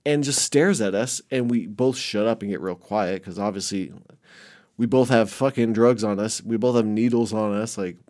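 A man casually telling a rambling, heavily profane story about his past, with many restarts, swinging between muttered asides and loud bursts. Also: fairly low pitch, normal speed. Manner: rambling, heavy swearing, frequent restarts.

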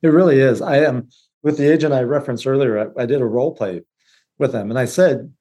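Blunt, animated man as podcast guest. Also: medium pitch, fast. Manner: animated and blunt, often restarts his phrases. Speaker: guest, real estate business leader. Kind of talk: casual interview conversation.

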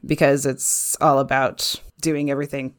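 A woman's voice: rumbling low, level tone, moderate pace. Giggly woman chatting about films. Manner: giggly, hesitant, lots of fillers. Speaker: podcast co-host. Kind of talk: casual film discussion.

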